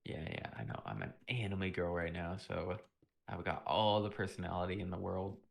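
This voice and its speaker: A young man with a very low, gravelly voice chats casually on a game stream. He rambles through laid-back stories and keeps clearing his throat. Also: normal speed. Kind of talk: casual chat while streaming.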